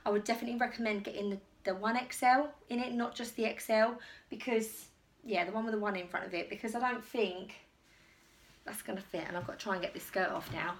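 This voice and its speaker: A woman's voice: medium pitch, fairly even intonation, quick pace, a little hiss or hum. A woman chatting casually and enthusiastically through a clothing try-on haul in her own vlog. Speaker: fashion vlogger.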